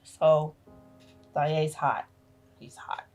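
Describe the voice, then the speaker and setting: A middle-aged woman, a grandmother, telling a painful personal story as a podcast guest, halting and emotional, repeating her phrases. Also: low voice, a little mellow, soft background music.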